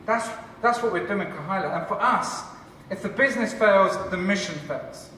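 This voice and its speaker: A man, a church leader and cafe founder, giving a lively conference talk with jokes for the audience. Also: sits high, moderate pace, a little hiss or hum. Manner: enthusiastic, joking, chatty with the audience. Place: large conference hall. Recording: echoey hall from far off.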